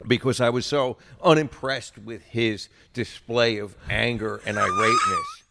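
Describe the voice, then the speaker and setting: A man's voice: medium pitch, a little slow, vocal fry, slight background noise. A middle-aged man co-hosting a casual comedy chat, telling stories with mock indignation. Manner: animated storytelling with mock indignation. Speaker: podcast co-host.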